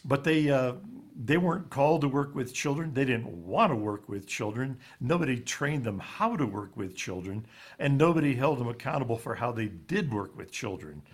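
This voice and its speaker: A man of middle pitch telling a painful personal story as an interview guest. He speaks haltingly and often repeats words, and his voice sinks low and quiet on the hardest parts. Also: lively intonation, husky. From raised in Ivory Coast.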